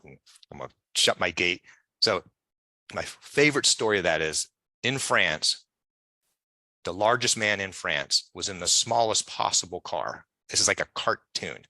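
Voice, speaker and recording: This interview guest has a deep, expressive voice with a bright, forceful edge and a fairly quick pace, with no room sound. Chatty and prone to tangents, he tells long stories and acts out the people in them.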